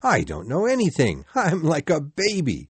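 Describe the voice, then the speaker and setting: A man's voice: on the high side, wildly swooping pitch, moderate pace, slightly rough, no room sound, voice pushed up, full character voice. A man voicing an elderly reformed miser, overjoyed and laughing as he exclaims his lines. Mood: giddy.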